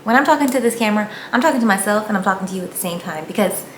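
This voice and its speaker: A woman's voice: medium pitch, expressive, very fast. A woman giving a casual, earnest motivational talk about faith, speaking straight to her viewers. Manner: earnest, encouraging, addresses viewers directly. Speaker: faith vlogger. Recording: echoey room with faint ambient noise.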